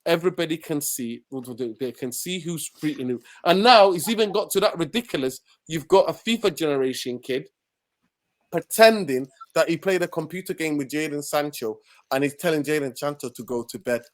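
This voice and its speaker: A man's voice: a little high, lively intonation, normal speed. A man from Manchester, ranting passionately about football as a podcast guest. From Manchester, England. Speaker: podcast guest and channel host. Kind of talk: heated football podcast discussion.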